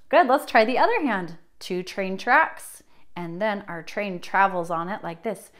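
A young woman teaching a children's music class, encouraging and sing-song, drawing her words out for little kids. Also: medium pitch. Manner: bright, encouraging, slow and drawn out for young children.

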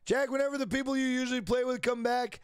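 High-voiced young male streamer, dry mic. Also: little pitch movement, quick pace, clean tone, dry recording. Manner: loose, profane, repeats himself, reads chat aloud. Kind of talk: casual live stream chat.

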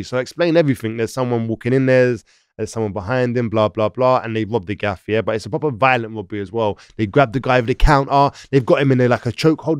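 A man with a London accent telling a story in a casual, animated way, full of slang. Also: mid-range voice, dry recording, studio quality. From London, England. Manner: animated, slangy, acts out quoted voices. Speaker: podcast guest.

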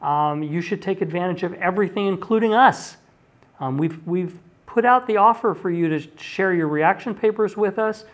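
A man's voice: sits high, moderate pace. A male university lecturer giving a recorded class talk in a chatty way, with frequent ums and restarted sentences.

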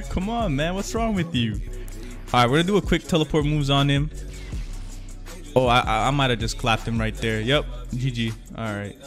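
A man's voice: mid-range voice, expressive, normal speed, soft background music. A young man hosting a gaming channel, giving casual, slangy gameplay commentary and correcting himself often. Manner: slangy, hyped, self-correcting gamer talk.

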